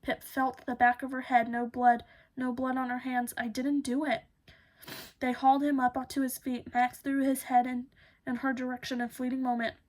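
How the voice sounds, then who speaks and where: A woman narrating a novel chapter as an audiobook, steady with occasional slips. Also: high-pitched, normal speed. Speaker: audiobook reader.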